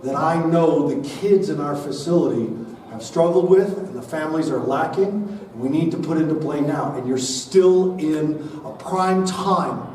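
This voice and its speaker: A man in his forties giving an energetic talk to parents at a school event, getting the audience to answer back and repeat after him. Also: a little high, unhurried, roomy sound, recorded from a distance, slight background noise. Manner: energetic, leads the audience in call-and-response. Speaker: keynote speaker at a school parent night. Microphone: body-worn mic.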